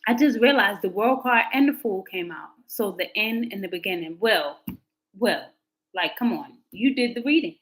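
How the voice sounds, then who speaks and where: A woman's voice: medium pitch, animated, normal speed, rough recording. A woman tarot reader talking casually to her livestream viewers, candid and slangy. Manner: chatty and candid, slangy, talks back to chat comments.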